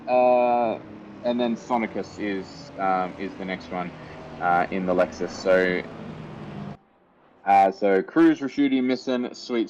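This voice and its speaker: Male lead commentator, esports sim racing, energetic play-by-play, middle pitch, faint noise underneath. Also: highs cut off. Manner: energetic play-by-play, rising excitement with fillers.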